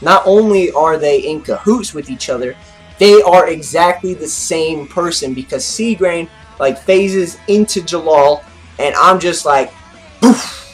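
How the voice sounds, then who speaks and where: A man hosting an anime review, recapping an episode in a casual, excitable way, saying "like" often and gesturing as he talks. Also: fairly high pitch, a little slow, faint music behind. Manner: excitable, heavy use of "like"; gestures with his arms while talking.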